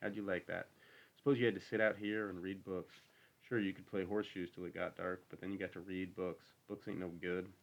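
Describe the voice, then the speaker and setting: A man's voice: low-pitched, level tone, a little fast, creaky, lo-fi sound. Man reading as a bitter, lonely old stable hand. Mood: lonely, wistful. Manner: brooding, needling, rural dialect.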